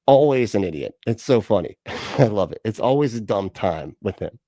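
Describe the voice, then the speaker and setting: A man's voice: on the low side, expressive, normal speed, background noise. A man hosting a livestream, reacting sarcastically to clips and chatting with viewers, swearing often and laughing at what he watches. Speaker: livestream host reacting to videos. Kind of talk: casual livestream reaction and chat.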